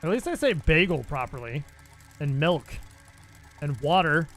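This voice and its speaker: A man's voice: a little high, very animated, unhurried, a bit bright, a little hiss or hum. A young adult man streaming a game, chatting casually and joking back and forth with his live chat. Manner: playful, bantering with chat. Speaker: gaming streamer.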